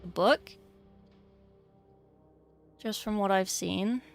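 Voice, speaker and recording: A woman's voice: medium pitch, very slow, vocal fry, dry recording, faint music behind. An English woman chatting casually on a livestream, chatty and swearing freely with exasperated asides. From England. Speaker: streamer.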